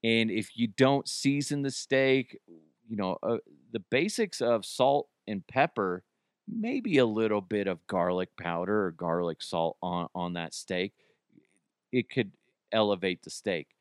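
Laughing, cursing podcast host. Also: male voice, fairly low pitch, lively intonation, measured pace, clean tone, no echo, clean studio sound. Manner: joking, rambling, swears freely, laughs at own jokes. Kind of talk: casual solo podcast chat.

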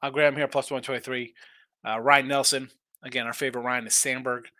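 A man's voice: medium pitch, little pitch movement, brisk, bright, forceful tone, dry recording. A middle-aged man hosting a live sports betting show, rambling through his picks and trash-talking teams.

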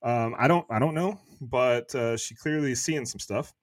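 A man's voice: mid-range voice, moderate pace, no room sound, studio quality. A man co-hosting a podcast, chatting casually about a film with loose asides and swearing. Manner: casual and profane, with fillers and asides. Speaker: podcast co-host. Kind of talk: casual chat.

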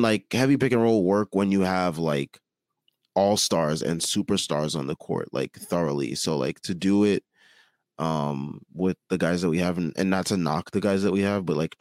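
A man co-hosting a casual postgame sports podcast, losing his voice, talking in halting bursts with lots of fillers and restarts. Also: low-pitched, dry recording, studio quality. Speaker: podcast co-host; teacher.

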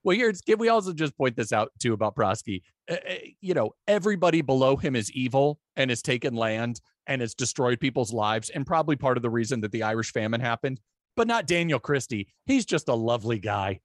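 A man's voice: medium pitch, expressive, brisk, no echo, clean studio sound. A man co-hosting a casual film podcast, joking and laughing often. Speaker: podcast co-host.

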